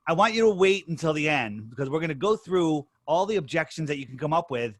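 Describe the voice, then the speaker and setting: A man's voice: fairly high pitch, lively intonation, dry recording. A middle-aged man from the United States, a podcast guest telling his story in a casual, emphatic way. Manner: emphatic, storytelling, quick bursts. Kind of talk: casual interview talk.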